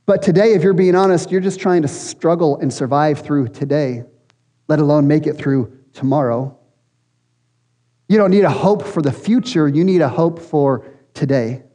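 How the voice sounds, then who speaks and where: A man's voice: on the high side, normal speed, mellow. A man preaching a sermon as pastor to a church congregation, in an earnest, conversational way. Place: church hall. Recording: long hall reverb.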